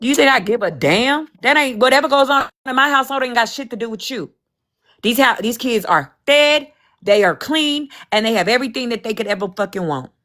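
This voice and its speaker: A woman's voice: on the high side, lively intonation, fairly quick, a bit bright. A woman hosting a livestream and talking casually as a mother, ranting in a heated, defiant way and swearing freely.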